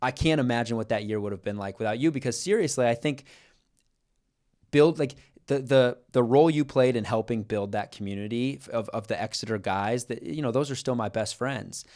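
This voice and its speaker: A man's voice: mid-range voice, a little fast, a little mellow. A young man from Kansas co-hosting a podcast, speaking in an earnest, reflective way with frequent restarts. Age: young adult. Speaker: podcast co-host. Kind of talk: casual podcast chat.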